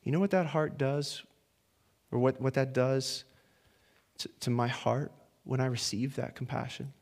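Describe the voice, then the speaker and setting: A pastor preaching a sermon in a conversational way, dropping to hushed lines and rising to animated ones, with playful asides and restarts. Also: male voice, medium pitch, unhurried, vocal fry.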